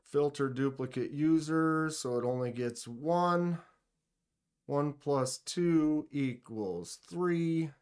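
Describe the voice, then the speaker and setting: A man's voice: on the high side, takes it slowly, a little mellow, smooth. A man hosting a live stream, casually reading viewer comments aloud and muttering to himself as he clicks through his screen. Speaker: live stream host running a giveaway.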